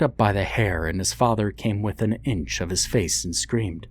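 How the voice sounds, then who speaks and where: A man reading a horror story aloud in a slow, deliberate, grim way. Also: low voice. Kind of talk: scripted horror narration.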